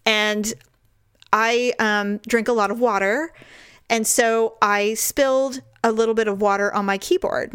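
A middle-aged woman co-hosts a podcast in relaxed, animated chat. Her voice sits a little high, and she laughs often while acting out the voices in her stories. The recording is close and dry, with no room sound. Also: unhurried, clear, resonant tone, no room sound. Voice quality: lively, laughs often, acts out quoted voices. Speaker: podcast co-host. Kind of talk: casual chat, animated storytelling.

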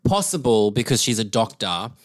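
A man's voice: lowish voice, sing-song, moderate pace. A man co-hosting a podcast, talking through a horror film in a loose, rambling way with restarts and casual swearing. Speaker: podcast co-host.

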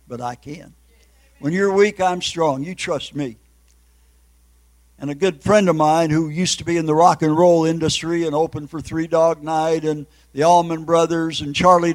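A man's voice: on the high side, poor audio. An older man, an evangelist preacher, giving an emotional testimony sermon and breaking into tears.

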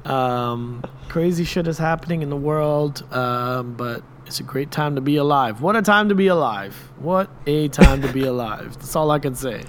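A man co-hosting a casual podcast, with a laid-back, teasing way of talking and frequent restarts. His voice sits at an ordinary pitch. A faint ambient hum stays behind him. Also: moderate pace, hardly any pauses. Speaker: podcast co-host. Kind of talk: casual chat.

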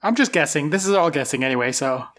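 A man's voice: fairly high pitch, animated, fast talker, a bit bright. A man playing along in a casual podcast quiz, chatty and jokey, rambling a little. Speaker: quiz contestant.

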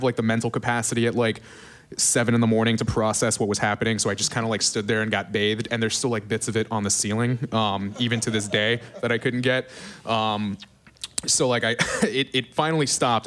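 Male brewer, lowish voice, loose rambling storyteller full of fillers. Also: a bit bright. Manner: rambling, full of likes and ums. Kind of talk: casual podcast storytelling.

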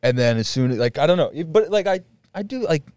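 A man's voice: on the high side, expressive, fast talker, darkish tone, smooth, no echo. A young man co-hosting a podcast in casual chat, rambling through stories with lots of fillers and frequent laughter. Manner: rambling, laughs often, many fillers and restarts. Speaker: podcast co-host.

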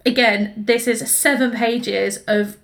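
A woman co-hosting a book podcast, playful and quick to laugh as she reads passages aloud. Her voice sits a little higher than most. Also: fairly even intonation, a bit bright. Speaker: podcast co-host. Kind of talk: casual book chat.

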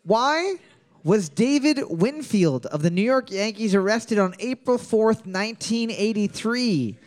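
Male quiz host, high-pitched, jokey, reads questions twice, bar-trivia banter. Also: expressive, a little slow. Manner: joking, reads questions twice, laughs often.

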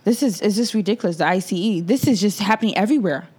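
A woman from Nigeria co-hosting a podcast in casual chat, animated and acting out quotes. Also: medium pitch, fast talker, slightly rough. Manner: animated, acts out quotes, frequent "like" and "you know". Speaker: podcast co-host.

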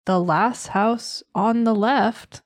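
A woman's voice: on the high side, takes it slowly, no room sound, clean studio sound. An American woman co-hosting a true-crime podcast, chatting casually with jokey asides. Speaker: podcast co-host.

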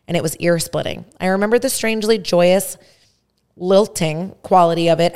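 A woman hosting a podcast reads a first-person story aloud at a measured pace. Her voice is low, with a gravelly fry running through it. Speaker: podcast host. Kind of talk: story reading.

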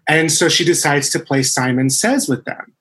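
A podcast co-host telling a digressive anecdote in an animated, casual way. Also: medium pitch, moderate pace, slightly rough.

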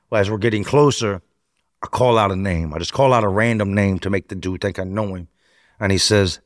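A man telling a first-person story as a podcast guest, animated and slangy, acting out other people's lines as he goes. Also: lowish voice, dry recording, studio quality. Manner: animated storyteller, slangy, acts out quoted voices.

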